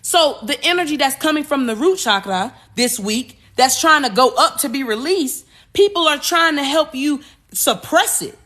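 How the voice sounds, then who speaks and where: A woman podcast host, talking about spiritual energy in an animated way, repeating words and acting out voices. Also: high voice, moderate pace. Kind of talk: spiritual talk monologue.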